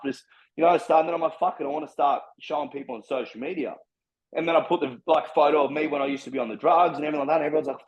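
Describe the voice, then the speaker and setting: A man's voice: fairly high pitch, rapid-fire, a little mellow, lo-fi sound. A man in casual chat, talking bluntly and swearing heavily in a preachy way. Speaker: podcast guest.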